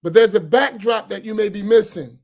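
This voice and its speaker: Imam guy speaking slow and serious, repeats himself for emphasis. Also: high voice, a little mellow. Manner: measured, deliberate, repeats key phrases. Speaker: imam on a panel. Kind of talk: earnest advice talk.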